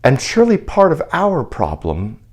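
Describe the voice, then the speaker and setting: A man from Canada, a clergyman, delivering a scripted spoken reflection in a measured, articulate and wry way, with a deep polished baritone. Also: huge pitch swings, darkish tone.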